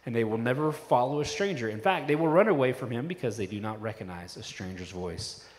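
A man's voice: medium pitch, animated, brisk, darkish tone. A middle-aged man preaching a sermon as pastor, talking in a loose, conversational way with many fillers. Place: church sanctuary. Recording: long hall reverb with faint music. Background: faint worship band music.

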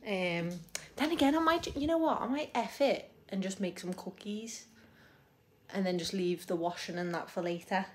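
A woman's voice: medium pitch, moderate pace, a little hiss or hum. A young woman, a new mum, chatting casually to her vlog camera at home, giggly and dropping the odd mild swear. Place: at home indoors.

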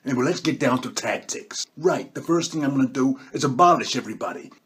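A man's voice: mid-range voice, expressive, fast, fairly bright tone, breathy edge. A man doing a comic impression of a boastful, bossy male world leader who keeps tacking "okay?" onto his lines. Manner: bragging, bossy, repeats "okay?".

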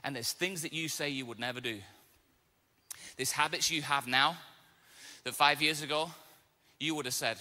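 A man preaching a sermon as pastor, telling stories with casual asides and lively acted quotes. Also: on the high side, moderate pace, long pauses, long reverb tail. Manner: animated storytelling, casual asides. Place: church auditorium.

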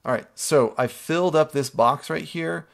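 A man's voice: fairly high pitch, moderate pace, gravelly. A male art teacher narrating a screen-recorded drawing tutorial, explaining each step patiently and checking in with students with a frequent "okay?".

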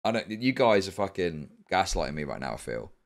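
Male streamer, argumentative and profane, lively swinging pitch. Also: fairly quick. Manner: argumentative, heated, swears often. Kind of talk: live stream commentary.

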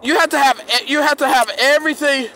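A man's voice: very high-pitched, brisk, pushed and bright, a little hiss or hum. A man delivering a heated, profane rant to his viewers, repeating himself and restarting his sentences often. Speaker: streamer ranting to his audience.

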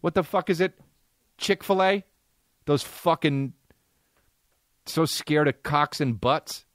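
A man's voice: a little high, slow pace, fairly bright tone, dry recording, clean studio sound. A man hosting a podcast, telling a comic story with a profane, exasperated, punchy delivery. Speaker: podcast host. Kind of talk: comedic storytelling monologue.

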